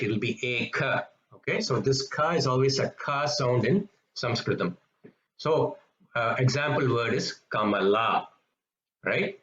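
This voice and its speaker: A man teaching pronunciation in a patient lesson, slowly repeating each example sound. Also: medium pitch, a bit bright. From Tamil-speaking background, South India. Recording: echoey, slightly dull room recording.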